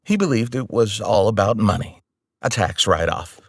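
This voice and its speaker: A man narrating a novel in the first person at a steady, measured pace. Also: fairly low pitch, gravelly, no room sound, studio quality. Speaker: audiobook narrator.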